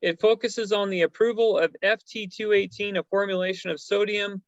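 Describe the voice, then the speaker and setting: A man's voice: high-pitched, fairly even intonation, normal speed, dry recording, highs cut off. A man hosting a stock news chat, talking casually and rambling with many fillers and hesitations. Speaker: stock show host.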